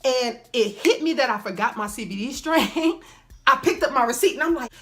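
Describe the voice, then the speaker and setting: High, bright-voiced woman telling a story. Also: normal speed, faint music behind. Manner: animated, laughing, acts out quoted people. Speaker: vlogger. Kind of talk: casual storytelling.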